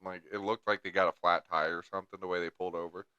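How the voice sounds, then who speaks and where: A man's voice: sits low, level tone, fast talker, bright, forceful tone, clear, resonant tone, no room sound, muffled recording. A young man co-hosting a podcast, telling rambling stories in casual chat and swearing heavily. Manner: crude rambling storyteller, heavy swearing. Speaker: podcast co-host.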